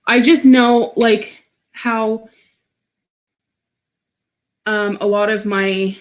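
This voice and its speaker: A woman's voice: medium pitch, fairly even intonation, extremely slow. A woman hosting a casual livestream, talking frankly with many restarts, nervous laughs and swearing. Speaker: livestream host. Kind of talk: casual livestream chat reading comments.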